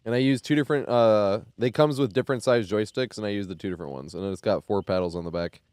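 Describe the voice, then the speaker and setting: A man's voice: on the low side, fast, darkish tone, dry recording. A man giving casual live commentary as a game streamer, chatty, laughing often and making sarcastic asides.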